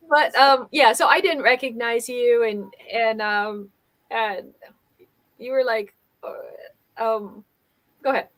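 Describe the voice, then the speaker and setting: A woman in a coaching role hosts a casual livestream conversation with a fairly high voice. She tells her stories with animation, acting out other people's lines as she goes. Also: takes it slowly, long pauses. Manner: animated storytelling, acting out quoted dialogue. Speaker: host and business coach.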